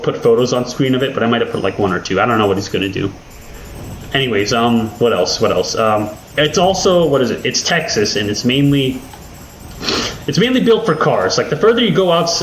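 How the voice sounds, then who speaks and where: A video host with a mid-range voice rambles casually over gameplay on his own channel, swearing a lot and cracking self-deprecating jokes. The audio is poor, with an echoey room and a little hiss or hum.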